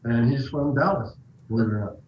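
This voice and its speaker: A man's voice: mid-range voice, fast, reverberant, muffled recording, a little hiss or hum. A man being interviewed as an actor guest, talking reflectively and telling stories with restarts. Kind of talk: casual interview talk.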